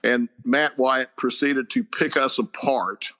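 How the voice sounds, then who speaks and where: Bright-voiced older football coach. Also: male voice, mid-range voice, takes it slowly. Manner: animated, laughing storyteller. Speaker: football head coach, guest. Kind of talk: storytelling in a casual chat.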